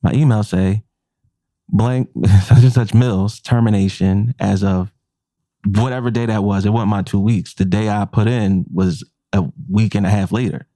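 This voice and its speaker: Man, low voice, mellow tone, dry close sound, swearing storyteller. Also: a little slow, no room sound. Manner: animated, profane, acts out quotes. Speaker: podcast co-host. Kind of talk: casual storytelling.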